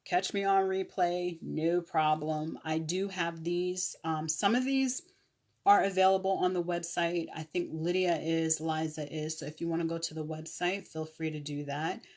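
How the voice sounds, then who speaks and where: A woman casually showing her nail products on a live stream, chatty, with fillers and quick self-corrections. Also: lowish voice, steady tone, a little mellow. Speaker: online nail seller.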